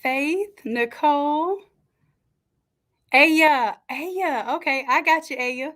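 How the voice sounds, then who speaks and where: A woman hosting a live stream from a home setup, chatting and greeting each viewer warmly by name. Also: high voice, extremely slow. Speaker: livestream host and design coach. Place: home setup with makeshift camera stand. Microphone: camera on a stand.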